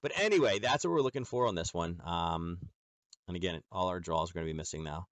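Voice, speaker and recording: Deep-voiced and expressive, this trading educator talks fast while hosting his nightly chart stream, captured in a dry recording. He chats casually with viewers, peppering his speech with "um" and "like."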